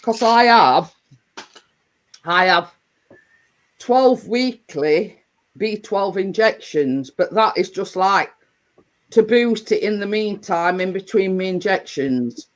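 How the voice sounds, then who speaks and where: A woman's voice: medium pitch, expressive, slow, long pauses, poor audio. A woman hosting a casual livestream, chatting to her viewers in a rambling way with lots of restarts and fillers. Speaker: livestream host. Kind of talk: casual live chat to viewers.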